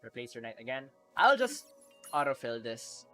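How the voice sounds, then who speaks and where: A man live-streaming a video game, chatting casually with viewers, excitable and quick to laugh. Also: medium pitch, soft background music.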